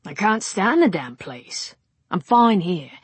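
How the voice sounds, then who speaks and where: Woman voicing a pushy Cockney male director, loud and insistent, breathy edge. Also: mid-range voice, sing-song, slow, dry recording, full character voice. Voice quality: forceful, a little too compelling. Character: brash film director man, pushy and compelling.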